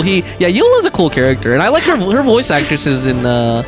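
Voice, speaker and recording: A man's voice: sits high, wildly swooping pitch, fast, few pauses, over music. A man streaming a game, chatting casually and reading viewer messages aloud, with frequent laughs and fillers. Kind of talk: casual gaming livestream chat.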